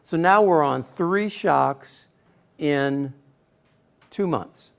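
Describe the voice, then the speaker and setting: A middle-aged man telling a personal story in a speech to an audience, acting out quotes with sudden loud bursts. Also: on the high side, very slow, vocal fry. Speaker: speaker giving a personal talk.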